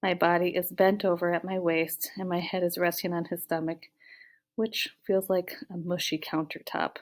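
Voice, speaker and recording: A woman narrating a first-person audiobook in an expressive reading voice. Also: lowish voice, moderate pace.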